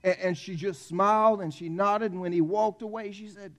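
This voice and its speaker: High-voiced pastor, folksy. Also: male voice, steady tone, normal speed, a bit bright. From South Carolina. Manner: conversational, folksy, jokes with the congregation. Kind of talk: Christmas Eve sermon. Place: church.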